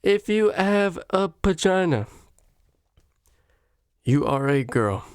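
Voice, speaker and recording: A man's voice: sits high, lively intonation, slow, clean tone, dry recording, clean studio sound. A man ranting on camera in a rambling, profane comic monologue, his voice jumping up when he gets worked up. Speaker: vlogger. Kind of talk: profane comedic rant.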